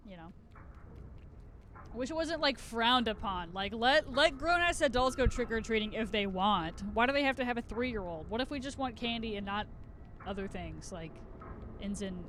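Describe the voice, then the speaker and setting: A young adult streamer chatting casually and excitably while playing a horror game, swearing and yelping at scares. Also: mid-range voice, normal speed, pauses often, a little hiss or hum. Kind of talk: casual live gameplay chat. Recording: loud game sounds under the voice.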